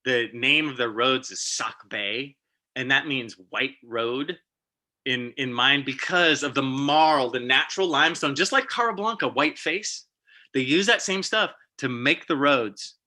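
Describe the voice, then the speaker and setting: Bright-voiced man telling a story. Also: medium pitch, a little slow. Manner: animated, emotional storyteller with vivid sound effects. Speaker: guest speaker. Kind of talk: storytelling presentation.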